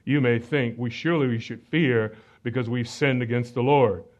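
A pastor teaching a sermon, reading scripture aloud and pausing often to explain verses. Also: male voice, medium pitch, fairly even intonation, a little mellow, dull audio.

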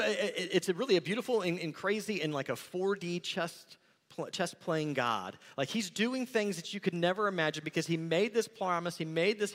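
A man preaching a sermon as pastor, conversational and animated, acting out quick asides. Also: fairly high pitch, long reverb tail.

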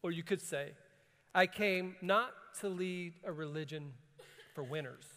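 A man preaching a sermon, swinging from calm scripture reading to rising, emphatic bursts. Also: on the high side, a little slow. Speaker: pastor. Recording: long hall reverb.

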